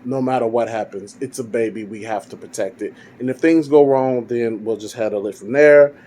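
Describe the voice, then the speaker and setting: A man voicing an excited, motherly farm wife, insistent and eager as he retells a fan story aloud. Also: medium pitch, normal speed, voice pushed down, close to an everyday voice. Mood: determined. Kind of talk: casual storytelling.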